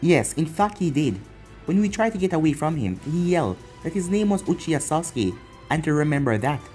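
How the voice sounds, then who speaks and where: A man's voice: fairly high pitch, big pitch swings, brisk, mellow, faint music behind. A man voicing a frightened village mother telling what happened. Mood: shaken.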